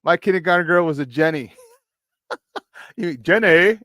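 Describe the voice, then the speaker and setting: A man's voice: a little high, moderate pace, fairly bright tone, no echo. Chatty upbeat man hosting sports talk. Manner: upbeat, chatty, repeats words, laughs often. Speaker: sports talk show host. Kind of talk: casual morning sports talk.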